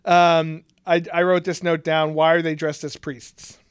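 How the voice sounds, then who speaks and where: Man co-host, slightly high voice, dry mic, swears a lot, jokes and mimics characters while chatting about a movie. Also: flat delivery, clear, resonant tone, no room sound. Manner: joking, profane, does quick voices. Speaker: podcast co-host. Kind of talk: casual movie chat.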